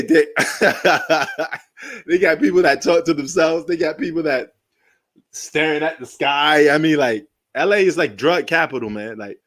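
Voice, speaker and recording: A man's voice: a little high, fairly bright tone. A man, casually commentating a basketball game live, rambling and joking and laughing often. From New York. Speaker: sports live-stream host.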